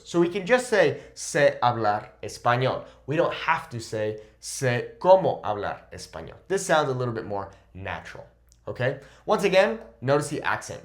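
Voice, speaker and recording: A man teaching a Spanish grammar lesson at a whiteboard, upbeat and emphatic, checking in with "okay?" after almost every point. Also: mid-range voice.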